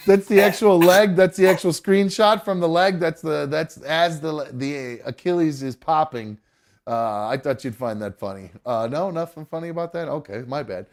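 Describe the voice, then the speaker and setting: A man's voice: on the high side, moderate pace. A man hosting a live podcast, talking in a loose, joking, profane way with lots of fillers. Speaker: podcast host. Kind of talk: casual live show chat.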